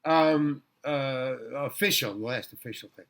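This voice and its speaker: An older New Yorker, a guest actor in a casual interview, tells rambling, animated stories full of restarts and acted-out quotes. He speaks in a mid-range voice at a normal speed with hardly any pauses.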